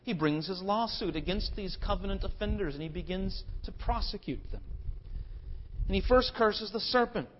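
Guy preaching w a high voice, super emphatic and dramatic, kinda dull lo-fi sound. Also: moderate pace, a little hiss or hum. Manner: emphatic and dramatic, acting out quotes. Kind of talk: sermon.

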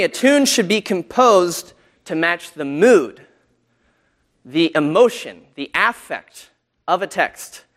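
A man's voice: a little high, fairly bright tone. A man teaching a church class about hymn tunes, talking casually, with fillers, and humming short melody examples.

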